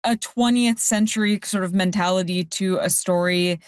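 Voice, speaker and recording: A woman giving a critical, measured view in a casual panel discussion, with hesitant fillers. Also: medium pitch, steady tone, no room sound, clean studio sound. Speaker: panel guest.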